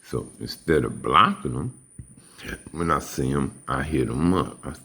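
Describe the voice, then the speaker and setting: A man's voice: rumbling low, moderate pace, sharp tone. A man giving a rambling, casual monologue in streetwise slang. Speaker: vlogger. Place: home in suburban Houston.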